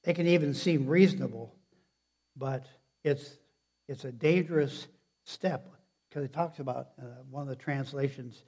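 A man's voice: medium pitch, unhurried, a little mellow. A male preacher giving a sermon in a loose, conversational style. He often stops and restarts his sentences and turns to the congregation with questions. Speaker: pastor.

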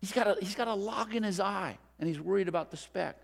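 A middle-aged man preaching a sermon as a pastor, telling a story in a relaxed, conversational way. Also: high-pitched, quick pace, creaky. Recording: long reverb of a large hall.

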